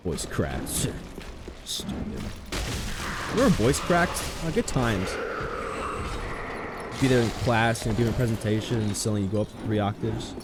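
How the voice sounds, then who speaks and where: A man's voice: medium pitch, moderate pace, long pauses. Rambling man streaming a game. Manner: rambling and animated, with sudden yelps. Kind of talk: casual gameplay commentary. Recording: noisy stream recording.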